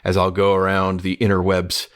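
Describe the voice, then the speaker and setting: A middle-aged man co-hosting a discussion podcast, telling stories in an animated way with restarts. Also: sits low, normal speed, clean tone. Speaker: podcast co-host. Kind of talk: casual discussion.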